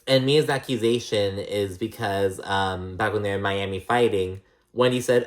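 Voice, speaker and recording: A man's voice: fairly low pitch, normal speed, few pauses. Male recap vlogger: blunt, chatty, profane. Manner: blunt, swears freely, says 'like' a lot. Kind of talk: casual reality-show recap.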